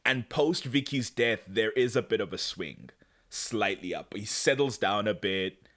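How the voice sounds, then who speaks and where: A man co-hosting a casual podcast, recapping a TV show, animated and laughing as he acts out characters' lines. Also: on the low side, a little slow. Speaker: podcast co-host.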